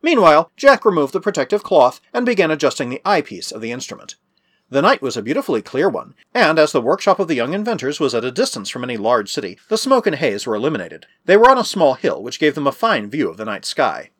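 Guy reading an old adventure story, lively up-and-down voice, bit high, dry close mic. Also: quick pace, breathy edge, no room sound. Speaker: audiobook narrator. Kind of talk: storybook narration.

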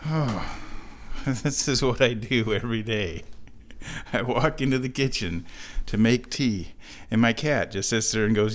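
A man's voice: fairly low pitch, animated, moderate pace. Guy vlogging from his kitchen, just talking thru what he's doing step by step, chill. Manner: narrates his own chores step by step in a running commentary. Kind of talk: casual narrated vlog. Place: home, kitchen then downstairs.

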